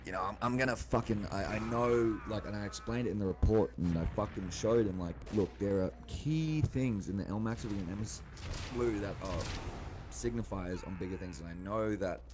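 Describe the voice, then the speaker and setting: Speaking at a moderate pace in a fairly low voice, a young man rants casually, agitated and all over the place. His talk is full of profanity, false starts, and filler words, and the background is loud.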